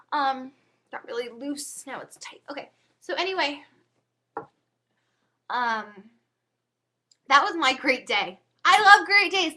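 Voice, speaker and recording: A woman's voice: sits high, pushed and bright. A teenage girl chatting casually to her webcam at home, giggly and full of asides. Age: teens. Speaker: vlogger.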